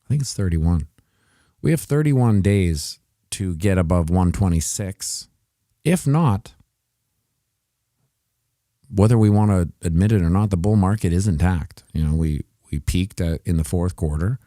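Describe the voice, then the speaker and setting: A man's voice: low voice, lively intonation, measured pace, long pauses, mellow, dry recording, clean studio sound. A man hosting a casual livestream, rambling and joking through market commentary with many restarts. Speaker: host of a crypto price livestream. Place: home setup with TVs.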